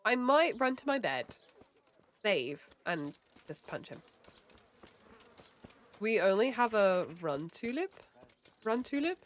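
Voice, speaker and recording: A woman's voice: medium pitch, sing-song, slow, pauses often. A woman chatting casually while streaming a game, giggly and swearing freely. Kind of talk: casual livestream chat while gaming.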